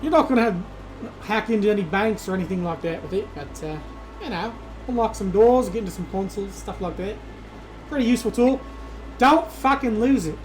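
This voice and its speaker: A woman's voice: mid-range voice, lively intonation, fairly quick, darkish tone, soft background music, pitched above the performer's own voice, lightly acted. A man voicing a tough woman who hands over a tool with blunt, curt warnings, in a noisy recording.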